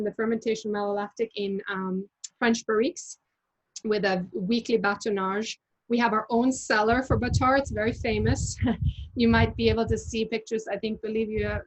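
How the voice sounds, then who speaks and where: A woman's voice: medium pitch, rough recording. A woman in the middle of her range guides a wine tasting over a video call. She talks in a loose, chatty way, full of fillers and small restarts as she explains. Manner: chatty, many fillers and self-corrections. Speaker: winery representative leading a tasting. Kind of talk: casual presentation on a video call.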